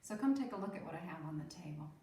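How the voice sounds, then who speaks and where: Woman, teacher, sing-song children's lesson, drawn-out sounds, lively pitch, roomy echo. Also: slight background noise. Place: room with table.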